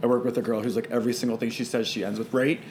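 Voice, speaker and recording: A man's voice: medium pitch, level tone, noisy background. Wry, bantering male podcast host. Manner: wry, quick banter and profane asides. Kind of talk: casual chat.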